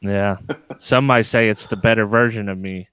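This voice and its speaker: A man's voice: on the low side, fairly even intonation, moderate pace, a bit bright, clear, resonant tone, no echo. A man hosting a live-streamed car audio show, laid-back and joking as he opens the episode. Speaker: podcast host. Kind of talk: live-streamed casual talk.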